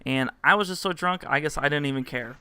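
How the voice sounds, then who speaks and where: A man's voice: on the high side, a little fast, pushed and bright, clear, resonant tone. A young man casually telling a rambling story to camera, full of fillers and acted-out quotes. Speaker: vlogger.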